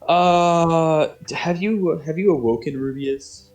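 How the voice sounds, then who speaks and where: A man's voice: a little high, takes it slowly, darkish tone. A man narrating as game master, rambling and hesitant with many fillers. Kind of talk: narrating a tabletop game over voice chat.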